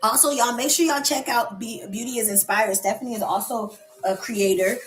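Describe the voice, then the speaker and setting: A woman hosts a relaxed live coffee chat, speaking directly to viewers and rambling in a loose, friendly way as she answers comments as they arrive. Her voice is fairly high at normal speed, the recording is rough, and soft music plays faintly behind her.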